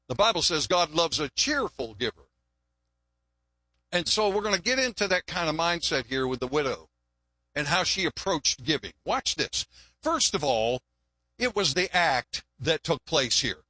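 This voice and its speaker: Folksy older pastor with a bright, high voice. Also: male voice, sing-song, normal speed, dry recording. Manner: folksy, joking, repeats words. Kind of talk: sermon.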